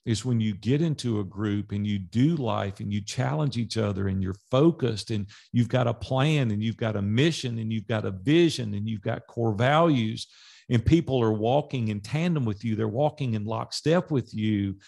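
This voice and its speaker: Speaking at normal speed in a low-leaning voice with vocal fry, a middle-aged man from Nashville, Tennessee guests on a casual interview podcast. He's a lively storyteller who acts out the dialogue.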